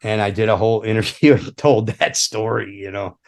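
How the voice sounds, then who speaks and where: A man, a former roadie and guitar tech, telling a story on a podcast in a lively, profane way and acting out the scenes. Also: lowish voice, a little fast. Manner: animated, profane storyteller who acts out scenes.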